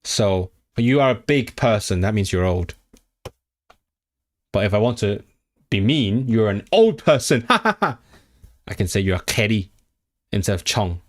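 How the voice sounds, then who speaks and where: Lowish in pitch and a little slow, this man leaves long pauses as he studies a language live on stream. He thinks out loud and says foreign words again and again to drill them in a casual self-study session.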